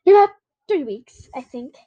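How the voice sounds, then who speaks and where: A thoughtful preteen girl from a children's storybook, weighing each word slowly, voiced by a woman reading aloud. Her voice sits high. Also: lively intonation, dull audio. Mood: excited. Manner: slow and thoughtful.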